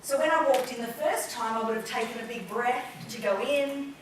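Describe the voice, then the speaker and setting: A woman's voice: fairly high pitch, normal speed, distant mic, background noise. Woman lecturing in an echoey hall. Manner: lively, acts out examples in quoted voices. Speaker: conference speaker. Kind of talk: conference presentation. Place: conference hall.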